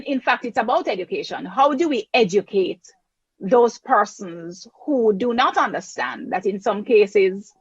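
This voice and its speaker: A woman moderating a panel, her voice slightly higher than average and husky. She speaks in a measured, lecturing way. The sound is dull and dry, like a lo-fi recording. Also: dry recording.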